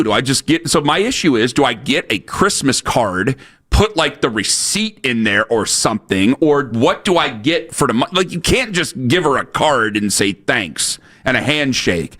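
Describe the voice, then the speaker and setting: A man's voice: mid-range voice, big pitch swings, moderate pace, fairly bright tone. A man hosting a sports radio show, telling a rambling story in casual banter with lots of fillers. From Ohio, USA.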